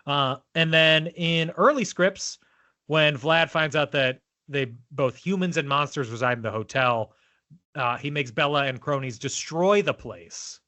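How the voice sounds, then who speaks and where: A man's voice: a little high, unhurried, sharp tone, no echo. A man co-hosting a film podcast in casual chat, reading out trivia and teasing his co-host. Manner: reads trivia, playful and teasing.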